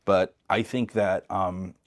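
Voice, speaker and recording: A middle-aged man from East Los Angeles, a podcast guest telling a story in a relaxed way, acting out the other people's voices and often restarting his words. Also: sits low, slow pace. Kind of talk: casual storytelling interview.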